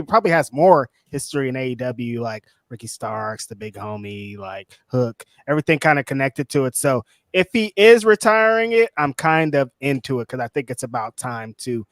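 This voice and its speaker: A man co-hosting a casual chat show, relaxed and rambling, with easy laughs. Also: mid-range voice, no echo, clean studio sound. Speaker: podcast co-host.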